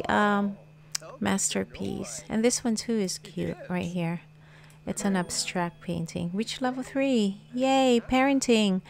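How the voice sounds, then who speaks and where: A woman's voice: mid-range voice, unhurried, creaky. A woman giving casual let's-play commentary, chatty and cooing over cute things, often laughing. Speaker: gaming YouTuber.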